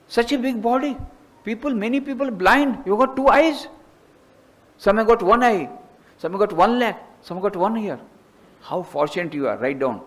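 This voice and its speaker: A man with an Indian accent, a monk giving a lecture, emphatic and repetitive, climbing high in pitch to stress his points. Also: lively intonation, normal speed, a bit bright.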